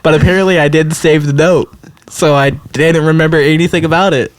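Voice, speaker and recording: Casting: blunt young co-host with a cough, slightly raised pitch. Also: male voice, fairly even intonation, brisk, dry recording. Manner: blunt, crude comebacks. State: lingering cough. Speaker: podcast co-host. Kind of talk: casual chat.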